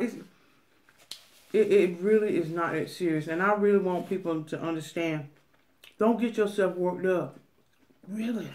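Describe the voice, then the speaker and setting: A middle-aged woman, talking casually to camera on an eating channel, emphatic and preachy with many restarts. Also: lowish voice. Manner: emphatic, preachy, drawn-out phrases with repeated restarts. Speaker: mukbang vlogger.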